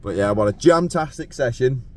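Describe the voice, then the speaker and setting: A man's voice: mid-range voice, brisk, far from the mic. A man vlogging while fishing outdoors at night, joking, laughing often and talking to the camera. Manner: jokey, laughing often, excitable. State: cold. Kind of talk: casual outdoor chat to camera.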